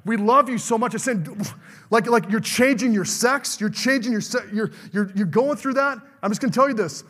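A man's voice: sits high, moderate pace, fairly bright tone, breathy edge, in a large hall. A middle-aged male pastor preaching a fervent sermon, calling out to the congregation for amens.

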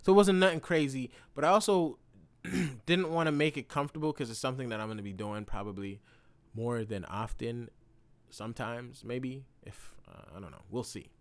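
A man hosting a podcast, telling a story in a loose, slangy way with plenty of swearing. He swings between loud bursts and low mumbles. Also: moderate pace, no room sound. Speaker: podcast host. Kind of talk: casual storytelling monologue.

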